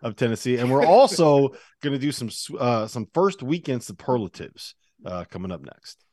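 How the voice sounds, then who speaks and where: A man hosting a casual sports talk show, with a brisk and wry way of talking. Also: medium pitch, expressive, darkish tone, no echo, clean studio sound. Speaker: podcast host. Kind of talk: casual sports chat and read ad.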